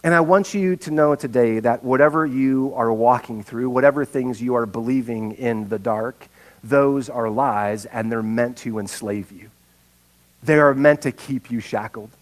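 A man preaching a sermon as pastor, telling stories with big swings between hushed and loud. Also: mid-range voice, normal speed.

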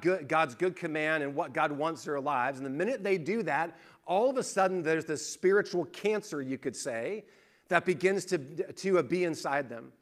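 Preaching in a conversational style, this male pastor's voice is a little high and a bit bright. He tells stories and rises into emphatic points as the sermon builds.

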